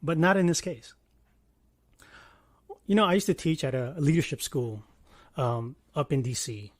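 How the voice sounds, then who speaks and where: A man in his thirties giving a casual commentary monologue, animated, swinging between loud bursts and quiet asides and swearing freely. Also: on the high side, measured pace, dry recording, studio quality. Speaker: commentary vlogger.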